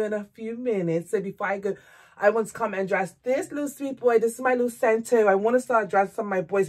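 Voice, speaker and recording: A woman with a fairly high voice chats casually to her viewers at home. She keeps calling out to the audience and to her dolls in a loose, rambling vlog manner. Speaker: doll hobby vlogger. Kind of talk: casual chat to camera.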